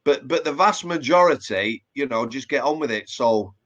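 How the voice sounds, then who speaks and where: A man's voice: mid-range voice, lively intonation, normal speed, fairly bright tone, highs cut off. A man with a Yorkshire accent, a former prison officer chatting plainly in an interview, full of fillers and restarts. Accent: Yorkshire English. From Yorkshire, England. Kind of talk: casual interview chat.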